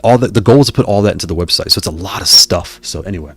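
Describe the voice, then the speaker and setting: A man hosting a live stream reads the chat as a YouTube host, rambling casually with viewers, digressing and often stopping himself mid-sentence. His low voice is rapid-fire with a breathy edge, and the recording is dry.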